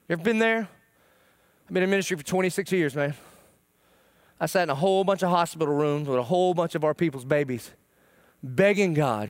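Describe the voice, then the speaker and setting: A middle-aged man delivers a sermon in a fairly high, crisp, resonant voice. His delivery is emotional, rising to loud pleading and falling to near-whispers. The sound is close and dry. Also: brisk, dry recording. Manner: emotional, swings between loud pleading and hushed tones. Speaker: pastor. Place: church.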